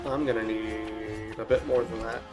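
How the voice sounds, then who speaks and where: A young man casually commenting on his own gameplay, thinking out loud with restarts, and turning loud and excitable during fights. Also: on the low side, normal speed, over loud music. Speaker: let's play gamer.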